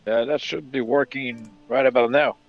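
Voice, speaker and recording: A man's voice: medium pitch, fairly even intonation, moderate pace. A young man with a French-Canadian accent, a guest on a live stream, chatting casually with many ums and restarts. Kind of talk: casual chat. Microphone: home computer mic on a live stream call. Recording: dull lo-fi mic with music behind.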